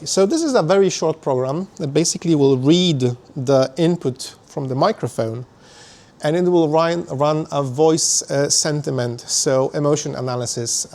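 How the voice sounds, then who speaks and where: With a slightly high, somewhat mellow voice, a man presents a technical talk at a meetup venue as a conference speaker. He explains his material but often uses fillers and starts over.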